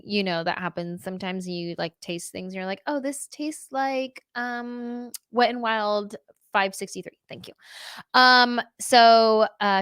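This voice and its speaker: A woman hosting a casual chat show, talking in a chatty, playful way with quick asides. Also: a little high, a bit bright, clean tone, no room sound, clean studio sound. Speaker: host.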